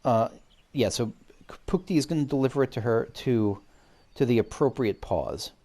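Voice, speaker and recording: A man's voice: medium pitch, moderate pace, dark tone. Chatty man thinking aloud over a game. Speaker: let's play host. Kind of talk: casual game commentary.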